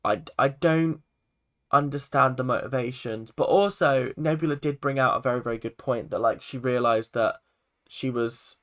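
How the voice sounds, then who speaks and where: A man's voice: medium pitch, moderate pace, fairly bright tone. A young man casually reviewing a TV episode, rambling with lots of "like" and restarts. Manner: rambling, full of "like" and self-corrections. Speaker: film and TV reviewer.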